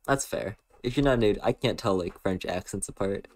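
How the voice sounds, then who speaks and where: A man's voice: on the low side, fairly quick, darkish tone. A young man with an American accent, chatting casually on a stream and answering chat in a rambling, playful way, full of fillers. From western United States.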